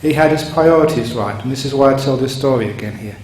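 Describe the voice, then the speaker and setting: A man's voice: medium pitch, fast talker, a little mellow. A man, a monk, giving a sermon in a chuckling, digressive storytelling manner, recorded in a meditation hall. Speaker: monk giving a Dharma talk. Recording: roomy hall with faint hum.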